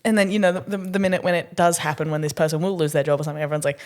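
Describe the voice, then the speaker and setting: A young woman from Australia co-hosting a podcast, chatting casually and acting out quotes with sudden pitch jumps and laughter. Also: steady tone, rapid-fire, a little mellow. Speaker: podcast co-host, comedian. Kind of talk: casual chat.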